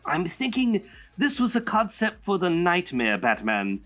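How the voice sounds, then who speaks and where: A man's voice: sits high, wildly swooping pitch, a little slow, fairly bright tone, faint music behind, pitched above the performer's own voice, exaggerated voice. Joker voice, as a man puts it on. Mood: playful. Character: man doing a Joker voice reading a fan letter. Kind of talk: reading a listener letter aloud.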